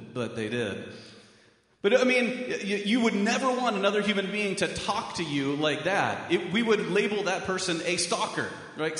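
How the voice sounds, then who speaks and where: A man's voice: sits high, a bit bright. A man preaching a sermon as pastor, earnest, stressing his questions with a rising voice. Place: church sanctuary with a mural. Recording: echoey hall.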